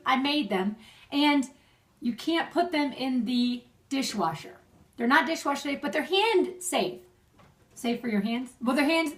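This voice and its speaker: A woman's voice: high-pitched, fairly bright tone, distant mic. A young adult woman giving friendly marriage advice in a casual video message, chatty and laughing often. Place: at home.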